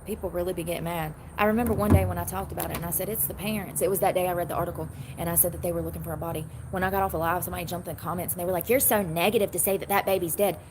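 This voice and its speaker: A woman's voice: lowish voice, fairly even intonation, rapid-fire, hardly any pauses. Female livestream host, conversational and meandering, speaking into a phone with light background noise. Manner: chatty, rambling, reads and answers comments. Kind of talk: casual livestream chat.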